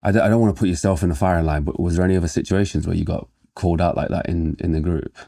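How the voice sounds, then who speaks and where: A male host asking halting, hesitant questions. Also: deep voice, fairly even intonation, gravelly, mellow, no echo, studio quality.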